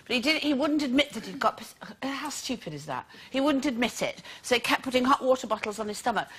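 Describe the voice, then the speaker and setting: A woman's voice: on the high side, fairly bright tone, slightly rough. A woman panelist on a daytime TV chat show in a studio, frank and storytelling.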